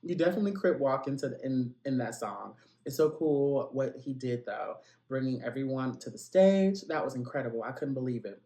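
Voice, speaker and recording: A man's voice: medium pitch, lively intonation, a little fast, hardly any pauses, mellow, reverberant. A man hosting a celebrity gossip podcast, chatty and playful, with lots of asides and direct calls to his listeners. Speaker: podcast host.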